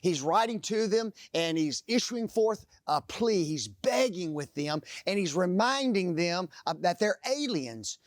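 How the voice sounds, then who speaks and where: Male preacher with a slightly high, dry-sounding voice; lively storyteller who prompts listeners to finish his sentences. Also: a little slow, few pauses, no echo. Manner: asks the audience fill-in-the-blank questions; animated storytelling. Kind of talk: sermon.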